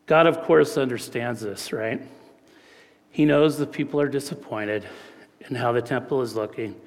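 A middle-aged man gives a folksy, conversational sermon and weaves in personal stories. His voice sits at an ordinary male pitch. It carries a long reverb, as in a large church hall. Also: moderate pace. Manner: folksy, storytelling, checks in with "right?". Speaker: pastor.

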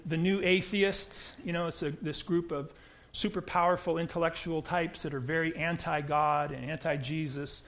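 American man, high voice, preaching, conversational, restarts sentences. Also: fairly bright tone. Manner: conversational, repeats words when starting sentences. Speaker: pastor. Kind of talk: sermon.

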